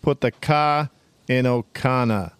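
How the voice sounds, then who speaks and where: A man voicing a brash, crude male car-lot pitchman in a put-on Boston accent with a touch of Irish, in a pushy sales patter. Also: slow pace, smooth, lightly acted. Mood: hard-sell. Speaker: podcast co-host.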